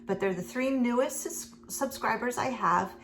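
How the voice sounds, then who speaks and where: A woman's voice: a little high, moderate pace, a bit bright, slight background noise. A middle-aged woman chatting casually at home while doing her makeup, rambling and chatty with many fillers. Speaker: beauty vlogger.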